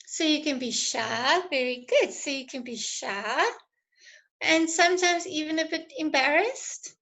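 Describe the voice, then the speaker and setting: A woman teacher giving an online lesson, encouraging and praising students, her voice going a little hoarse from talking a lot. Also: high voice, unhurried, pushed and bright, low-quality recording. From South Africa. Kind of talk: online lesson with live chat.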